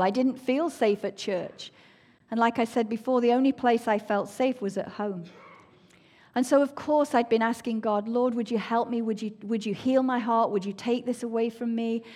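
Woman telling her faith story, earnest and emotional, goes soft and hushed sometimes. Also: fairly high pitch. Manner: earnest, emotional, drops to soft near-whispers. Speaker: speaker sharing a personal testimony. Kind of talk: personal faith testimony.

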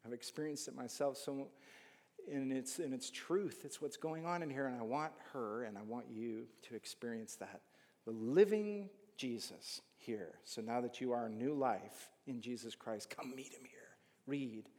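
A man preaching a sermon in a lively, animated manner, jumping from loud emphatic rises to hushed asides. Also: mid-range voice, normal speed. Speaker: pastor. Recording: long hall reverb.

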